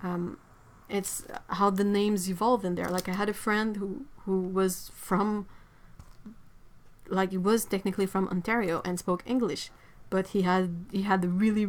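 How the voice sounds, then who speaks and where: A woman's voice: medium pitch, darkish tone. A woman hosting an art livestream from home. She chats casually, reads viewer comments aloud, rambles and laughs often. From Quebec, Canada. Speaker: artist livestream host.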